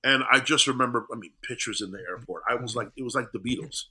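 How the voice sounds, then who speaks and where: A middle-aged male comedian telling stories in a casual interview, animated and acting out voices. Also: medium pitch, fast, breathy edge. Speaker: comedian guest.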